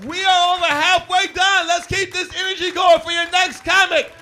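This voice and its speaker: Shouting emcee over a loud crowd. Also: male voice, level tone, normal speed. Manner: shouted, high-energy announcing. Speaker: comedy club emcee. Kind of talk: hyping up the crowd between acts. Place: comedy club stage. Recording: noisy club audio with loud crowd.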